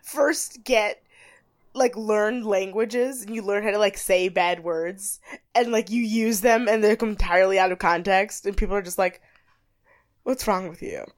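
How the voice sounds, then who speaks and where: A woman co-hosting a podcast, chatting casually, giggly and animated, a bit groggy on cough medicine. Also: medium pitch, normal speed. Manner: giggly, animated, slips into impressions. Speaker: podcast co-host. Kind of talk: casual recap chat.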